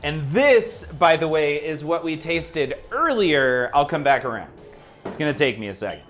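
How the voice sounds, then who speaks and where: A man's voice: a little high, sing-song, normal speed, fairly bright tone, a little hiss or hum. A man co-hosting a stream, chatting playfully and reacting to the others. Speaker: stream co-host. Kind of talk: casual chat. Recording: music playing behind.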